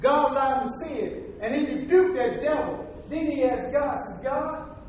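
A man's voice: extremely high pitch, moderate pace, slight background noise. A man preaching a sermon with emphatic repetition, leading the congregation in chanted call-and-response and telling long stories. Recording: echoey hall from far off.

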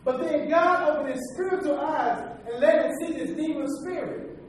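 A man's voice: extremely high pitch, normal speed, slight background noise. A man preaching a sermon with emphatic repetition, leading the congregation in chanted call-and-response and telling long stories. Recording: echoey hall from far off.

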